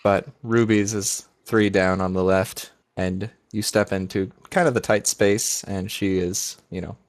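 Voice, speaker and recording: A young man with a slightly low voice narrates a tabletop game as its game master. His tone is easygoing and he often breaks into laughter. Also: steady tone, a little slow.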